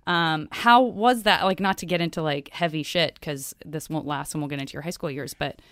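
A woman's voice: low-pitched, a little fast, fairly bright tone, dry recording, studio quality. A woman hosting a podcast, asking empathetic, rambling questions. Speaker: host. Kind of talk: casual podcast interview.

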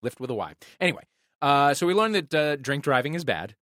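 A man hosts a comedy podcast with wry, playful jokes. His bright voice swings lively in pitch, and the sound is dry and close. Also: brisk, no echo. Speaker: podcast host.

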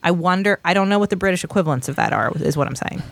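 Wry low-voiced woman podcaster. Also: expressive, racing, gravelly, no room sound. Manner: wry, rambling, joking. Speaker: podcast host. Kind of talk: casual chat among siblings.

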